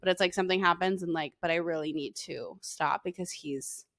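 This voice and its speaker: A young woman co-hosting a casual mom podcast, telling animated stories. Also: lowish voice, brisk, dry recording, studio quality. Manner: animated storyteller, laughs through her own tales. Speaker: podcast co-host. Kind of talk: casual chat.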